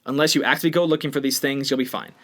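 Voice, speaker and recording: A man's voice: mid-range voice, steady tone, racing, fairly bright tone. A man co-hosting a podcast, talking bluntly and with strong opinions in a casual discussion. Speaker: podcast co-host.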